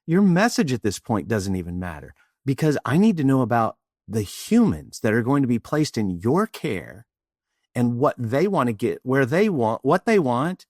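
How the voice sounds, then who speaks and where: A man's voice: medium pitch, moderate pace, no room sound, studio quality. A middle-aged man from Austin, Texas, a presentation coach telling a story in an interview and acting out bits of dialogue. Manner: animated, acts out dialogue.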